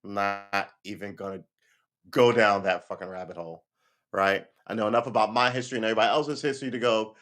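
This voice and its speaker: A man talking in a casual opinion monologue as host of a livestream, animated, often stumbling and restarting his words and acting out what other people say. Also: on the low side, quick pace. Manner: animated, acts out voices of others.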